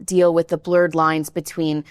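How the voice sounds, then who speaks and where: A woman's voice: low voice, little pitch movement, unhurried, clear, resonant tone, no room sound. A woman interviewer asking long, winding questions in a studio, often checking in with "right?".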